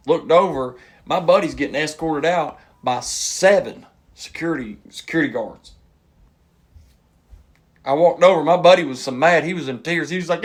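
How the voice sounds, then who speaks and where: A man, a comedian casually telling a funny story and acting out the people in it with sudden high yells. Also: normal speed. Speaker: stand-up comedian.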